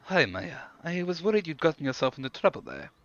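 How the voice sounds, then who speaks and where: A man's voice: fairly high pitch, big pitch swings, fairly quick, fairly bright tone, no echo, highs cut off, voice pushed up. A man doing a fierce, stern woman activist. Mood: grim. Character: fierce young woman activist, protective, no-nonsense.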